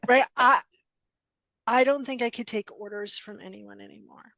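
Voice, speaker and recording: A woman's voice: on the high side, normal speed, no room sound. A middle-aged woman coach, guest in a casual interview, telling stories bluntly and acting out quoted dialogue. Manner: animated, acts out quoted dialogue, frequent laughs; blunt, direct. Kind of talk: casual podcast interview storytelling.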